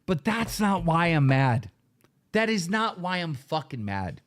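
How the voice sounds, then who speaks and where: A man hosting a show, ranting angrily with heavy swearing and sudden shouted bursts. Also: on the high side, big pitch swings, a little slow. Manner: profane, heated, bursts into shouting. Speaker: show host. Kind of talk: angry livestream rant.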